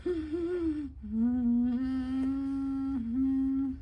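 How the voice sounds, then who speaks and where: High, slow, playful young woman. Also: fairly even intonation, highs cut off, a little hiss or hum. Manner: playful, exclamatory, soft at times. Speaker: toy channel host. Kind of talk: toy play narration.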